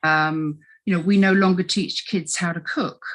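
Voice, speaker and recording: A middle-aged woman with a fairly low voice talks through her coaching work in a relaxed interview. She is animated, slipping into quick voices as she quotes people. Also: poor audio. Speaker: health coach guest. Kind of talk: casual conversational interview.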